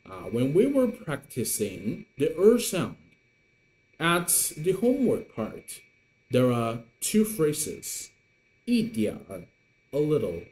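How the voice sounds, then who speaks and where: A man teaching Mandarin online, slowly repeating words to model the tones. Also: mid-range voice, mellow. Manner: slow, deliberate modelling of tones with repetitions. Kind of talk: online language lesson.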